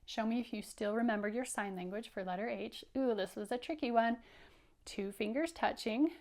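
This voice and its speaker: A woman teacher reading a picture book aloud to young children, animated and encouraging, inviting them to repeat lines. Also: fairly high pitch, moderate pace. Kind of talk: children's story read-aloud lesson.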